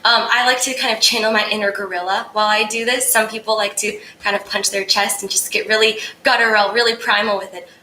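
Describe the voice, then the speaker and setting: A woman's voice: medium pitch, fairly even intonation, fast talker, hardly any pauses, bright, forceful tone, reverberant, slight background noise, rough recording. A young woman voice coach, upbeat and casual, answering viewers' singing questions and demonstrating exercises.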